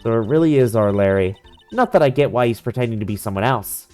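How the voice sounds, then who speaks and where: A woman's voice: a bass voice, expressive, fast, dark tone, faint music behind. A woman voicing a playful, teasing nineteen-year-old girl in a game fan dub.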